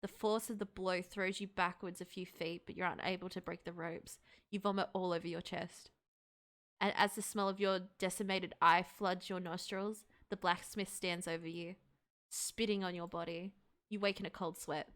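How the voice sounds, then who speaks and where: A woman's voice: lowish voice, fairly even intonation, normal speed, a bit bright. A woman streaming a video game, reading its text aloud and reacting, swearing often and squealing when something scares her.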